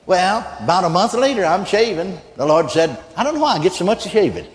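Older preacher in a reverberant hall. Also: male voice, a little high, fast, hardly any pauses, slight background noise. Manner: folksy, animated, rising to shouts of praise. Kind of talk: sermon storytelling.

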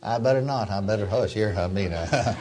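An older man preaching a sermon, telling a story and acting out the voices in it, with a husky voice. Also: on the low side, fairly quick, a little hiss or hum. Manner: animated, acts out quotes, drops to soft tones, chuckles often.

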